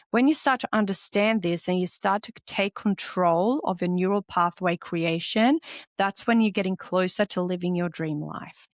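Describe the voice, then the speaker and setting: Aussie woman host, solo self-help podcast, blunt and lively, swears a lot, dry close sound. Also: mid-range voice, no room sound. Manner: candid and animated, swears freely. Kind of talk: solo motivational podcast talk.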